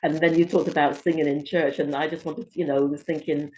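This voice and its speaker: A woman's voice: low voice, little pitch movement, fairly quick, warm tone, slight background noise. A woman hosting a casual interview who asks long, rambling questions. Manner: chatty and rambling, with many restarts and fillers. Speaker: talk show host. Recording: dull, muffled recording.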